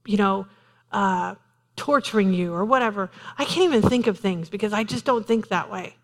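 A woman pastor preaches with animated energy and slips into quoted voices as she makes her points. Her voice sits a little high, and a long reverb trails it through the church. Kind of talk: sermon. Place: church sanctuary.

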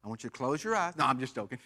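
A man's voice: mid-range voice, big pitch swings, racing, bright, forceful tone. An American man preaching a sermon in church, leading call-and-response with the congregation and joking with its members. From United States. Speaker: pastor.

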